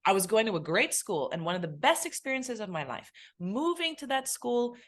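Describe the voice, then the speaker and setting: A woman from England, a podcast guest, telling her personal story in an animated way and close to tears. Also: fairly high pitch, normal speed. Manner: animated, acts out remembered voices. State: emotional, near tears.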